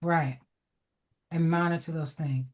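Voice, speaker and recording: A woman's voice: sits low, steady tone, a little slow, a little mellow. A middle-aged woman teaching over a video call, giving direct, encouraging feedback with frequent laughter. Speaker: educator. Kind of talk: online class feedback.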